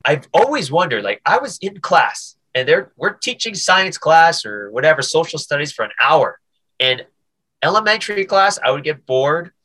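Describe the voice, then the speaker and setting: This man, a comedian appearing as a podcast guest, speaks at a normal speed with a pitch on the high side. He tells stories animatedly in a relaxed interview, stammering and restarting often and acting out voices.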